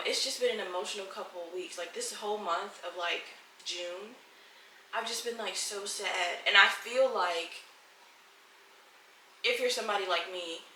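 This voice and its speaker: A woman's voice: medium pitch, sharp tone, distant mic, slight background noise. A woman hosting her own podcast from home, chatting casually and candidly with plenty of swearing, talking straight to her listeners. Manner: candid, profane, emotional, addresses listeners as y'all. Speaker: podcast host. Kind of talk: casual solo podcast chat. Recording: roomy echo, slightly off-mic.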